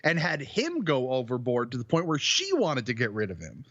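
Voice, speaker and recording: A man's voice: medium pitch, huge pitch swings, moderate pace, fairly bright tone, dry recording, dull audio. A man guesting on a podcast, chatting casually, joking and swearing. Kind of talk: casual chat.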